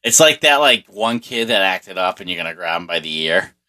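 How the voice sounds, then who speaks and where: A man casually telling a rambling personal story, swearing constantly and filling pauses with "like" and "you know.". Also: deep voice, expressive, pushed and bright. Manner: profane, rambling, heavy on swearing and fillers.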